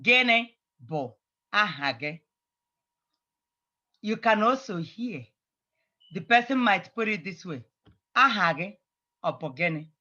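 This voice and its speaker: Teacher drilling phrases, bright crisp tone, muffled online class audio. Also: medium pitch, expressive. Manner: patient, repeats phrases slowly for drilling. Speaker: language teacher. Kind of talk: online language lesson.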